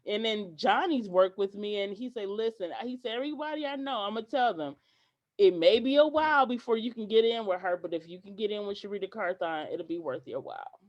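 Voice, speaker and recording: A woman guest on a podcast tells her stories with real animation and acts out the dialogue of the people in them. Her pitch sits in an ordinary middle range, and she stops and restarts her sentences now and then. The recording sounds dull and lo-fi. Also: expressive, fairly quick. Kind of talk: podcast interview storytelling.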